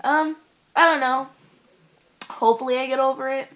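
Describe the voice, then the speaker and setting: A teenage girl tells a story in a loose, chatty vlog. She rambles along, full of fillers and asides, and her voice sits a little high. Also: normal speed, muffled recording. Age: teens. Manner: animated, rambling, lots of fillers. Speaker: vlogger.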